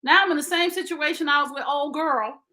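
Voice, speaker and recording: Woman in her 50s on a live stream, fairly high voice, bright and punchy, blunt and preachy. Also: brisk. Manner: blunt and preachy, addressing viewers directly. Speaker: relationship advice live streamer. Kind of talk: casual live-stream talk.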